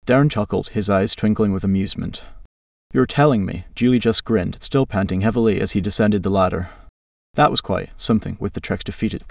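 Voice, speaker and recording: Male storyteller reading fantasy prose; gravelly, steady delivery, dry and slightly distant recording. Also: fairly low pitch, dry recording.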